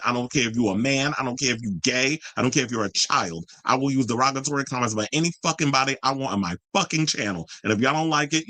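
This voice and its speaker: A blunt, foul-mouthed man hosts a commentary livestream and talks straight to his viewers and their comments. His voice sits at a middling pitch, and the sound is dry and close, with no room around it. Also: a bit bright, no room sound, poor audio. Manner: profane, blunt and combative. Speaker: host of a pop culture commentary channel.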